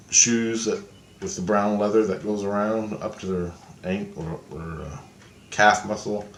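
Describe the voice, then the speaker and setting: A man's voice: fairly low pitch, a little hiss or hum. A man casually retelling a dream in a rambling, profane way, full of fillers and "he goes". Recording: roomy echo.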